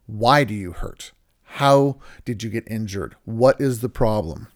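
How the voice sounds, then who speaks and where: A man's voice: lowish voice, unhurried. A man who works as a counselor, explaining ideas in a conversation and acting out quoted voices as he talks. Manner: animated storytelling, acts out quoted voices.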